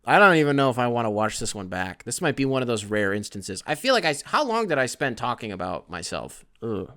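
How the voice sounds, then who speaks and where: A man's voice: on the low side, vocal fry, a bit bright. A young man hosting his own podcast alone, rambling casually with plenty of swearing and self-deprecating asides. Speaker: podcast host. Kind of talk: solo casual podcast rant.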